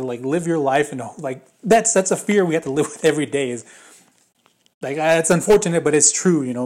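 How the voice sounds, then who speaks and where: A young man talks in a loose, casual way, stopping often to restart his sentences and filling gaps with likes and ums. His voice sits at an everyday middle pitch. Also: a little mellow. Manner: rambling, many fillers and restarts. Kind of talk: casual spoken movie opinion.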